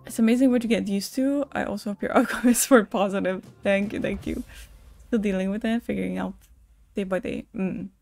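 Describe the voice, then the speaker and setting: A woman live-streaming, talking openly and emotionally with her chat at a middling pitch. She swears freely and reads viewer messages aloud. Faint music plays behind her. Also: steady tone, a little fast, vocal fry, a little mellow. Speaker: Twitch streamer.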